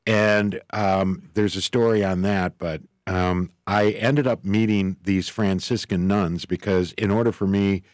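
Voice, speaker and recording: Male guest, earnest storyteller, lowish voice, dry studio sound. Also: fairly even intonation, unhurried, few pauses, a little mellow, no echo. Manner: earnest, rambling, acts out quoted voices. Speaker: author and guest. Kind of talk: storytelling in an interview.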